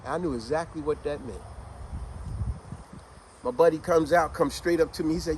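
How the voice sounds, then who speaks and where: Animated middle-aged man telling a story. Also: on the high side, normal speed, long pauses, slight background noise, low-quality recording. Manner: animated, conversational, slangy. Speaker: vlogger telling a childhood story. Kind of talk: casual storytelling to camera.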